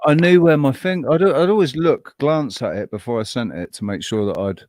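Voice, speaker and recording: A man's voice: mid-range voice, a little fast, a little mellow, no room sound. A man co-hosting a casual chat, telling rambling, profane stories with many restarts. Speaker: co-host.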